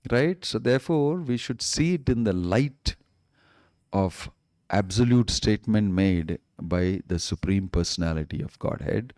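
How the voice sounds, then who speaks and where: A man's voice: lowish voice, animated, measured pace, darkish tone, no echo, studio quality. A man giving a sermon as a swami, emphatic and repetitive, stretching out key words. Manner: emphatic, repeats points, draws out key words. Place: temple hall.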